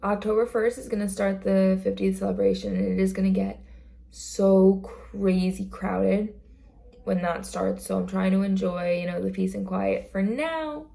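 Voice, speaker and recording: A young woman talks to camera in an easygoing, earnest way, leaning on "like" and "um" as she goes. Her mid-height voice carries a gentle gravelly fry at the ends of phrases. She sounds like a casual vlogger sharing stories from her job. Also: medium pitch, steady tone, a little slow. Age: young adult. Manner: chatty and earnest, many fillers and likes. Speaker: theme park greeter on a college program. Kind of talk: casual vlog talk.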